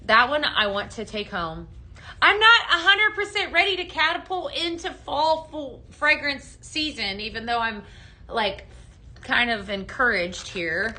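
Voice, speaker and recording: Woman, live shopping host, casual chatty stream talk, bright voice, slightly high pitch, greets viewers by name. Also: lively intonation, a little slow. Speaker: live-selling home fragrance host.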